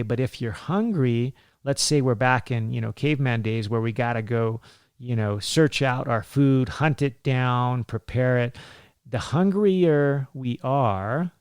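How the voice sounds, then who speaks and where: Chatty man in his forties, smooth voice. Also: mid-range voice, no echo, clean studio sound. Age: 40s. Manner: chatty, laughs often, many fillers. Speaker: physician podcast host. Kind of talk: casual health talk.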